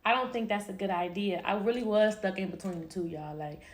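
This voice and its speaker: A woman's voice: medium pitch, brisk. A young woman telling a personal story in a casual, candid way, swearing and laughing easily.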